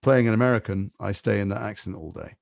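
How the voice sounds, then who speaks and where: An English man in his fifties, a guest actor in a podcast interview, telling stories quickly with lots of asides. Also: lowish voice, gravelly, no echo, studio quality. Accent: English, Liverpool and London mix. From England. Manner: fast, animated storytelling with asides.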